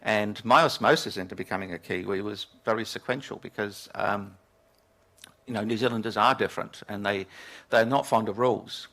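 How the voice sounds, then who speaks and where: A man's voice: lowish voice, moderate pace, gravelly, a bit bright. An older man from England giving a storytelling keynote talk to a live audience, chuckling at his own anecdotes. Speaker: keynote speaker. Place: lecture room with audience.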